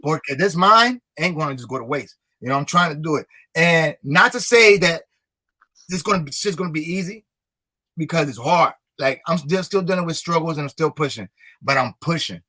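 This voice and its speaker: Young rapper guest, high bright voice, repeats himself for emphasis. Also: male voice, expressive, moderate pace. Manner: emphatic, repetitive, motivational. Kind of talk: casual interview talk.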